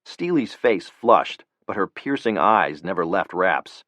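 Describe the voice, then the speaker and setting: A man narrating a thriller audiobook in an even, measured reading. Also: low-pitched, no echo. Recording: dry close studio.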